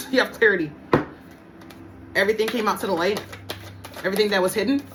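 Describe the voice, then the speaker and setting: A woman's voice: medium pitch, a little fast, background noise. A woman giving a casual tarot reading to her viewers, blunt and profane, often repeating her points for emphasis. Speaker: tarot reader.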